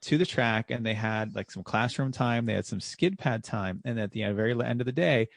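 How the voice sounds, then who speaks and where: Gravelly racing podcast guy chatting casually, dry mic, gets animated quoting folks. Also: medium pitch, moderate pace, dry recording. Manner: storytelling, animated when quoting people. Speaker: podcast co-host and driving instructor. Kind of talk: casual chat.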